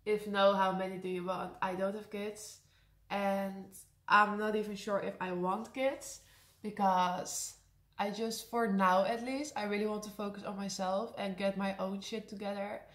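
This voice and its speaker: A woman's voice: mid-range voice, level tone, measured pace. Candid Dutch young woman vlogging. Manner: candid, hesitant with fillers. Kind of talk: casual Q&A vlog. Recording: echoey room.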